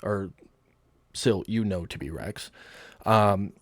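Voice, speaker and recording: A man narrating as game master in a tabletop game, calm and matter-of-fact. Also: on the low side, slow pace, no echo, studio quality.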